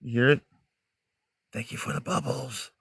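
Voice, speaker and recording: A man's voice: mid-range voice, steady tone, normal speed, vocal fry, slightly rough, dry recording. A middle-aged man talks casually into his phone outdoors in the woods at night. His American accent blends Midwestern, Southern and Northern sounds. He chats straight to his viewers, and the recording is dry, close and plain. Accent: mixed American, Midwestern, Southern and Northern. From United States, raised in many states. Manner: chatty, talks straight to viewers, laughs a lot. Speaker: livestream host. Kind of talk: casual livestream chat.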